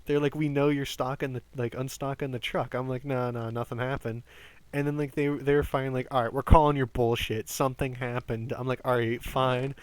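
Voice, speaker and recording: A man in his twenties telling rambling work stories on a game stream, animated, swearing often and stumbling over restarts. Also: medium pitch, brisk, no room sound. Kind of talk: casual storytelling while gaming.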